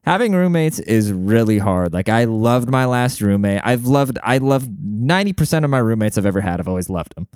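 A young man telling a long story to his viewers in a casual, profane, animated way, talking to them like a buddy. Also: mid-range voice, a little fast, hardly any pauses, clean tone, no room sound, clean studio sound. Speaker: vlogger.

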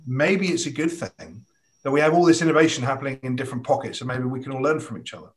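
A man's voice: medium pitch, quick pace. A man interviewing a guest, asking long, thoughtful questions and telling anecdotes in a conversational way.

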